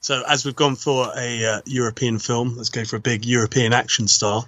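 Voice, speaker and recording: A man's voice: mid-range voice, flat delivery, fairly quick, fairly bright tone, no echo. A man co-hosting a movie podcast in casual chat, wry as he reads out reviews. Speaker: podcast co-host.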